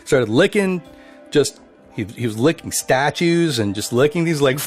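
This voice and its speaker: A man's voice: medium pitch, animated, unhurried, soft background music. A man from a band telling a profane road anecdote in a documentary interview. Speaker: band member.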